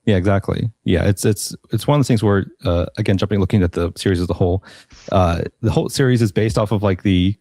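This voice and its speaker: A man hosting a casual panel discussion, thoughtful and unhurried, with many pauses and restarts. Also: deep voice, dark tone, no echo. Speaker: podcast host.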